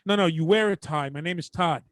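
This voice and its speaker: Brooklyn man, high voice, dry sound. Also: fairly quick, dry recording. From Brooklyn, New York. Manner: animated storyteller, swears freely, acts out both sides of conversations. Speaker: podcast co-host. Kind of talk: casual chat.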